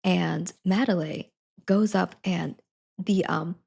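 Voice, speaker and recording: A young woman chats casually on a live stream about a book she read, rambling, giggling and correcting herself as she goes. Her voice sits on the low side with a steady gravelly fry. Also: slow pace. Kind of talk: casual book review chat.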